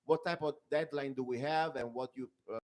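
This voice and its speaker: A man's voice: medium pitch, fairly even intonation, brisk. A man with an Italian accent hosting a political interview, chatty and full of short affirmations. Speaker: host.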